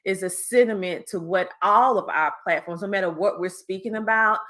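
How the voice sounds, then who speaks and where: A bright, forceful woman hosting a live podcast stream. She talks casually and upbeat, pitching the network to listeners and laughing easily. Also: moderate pace. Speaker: network host.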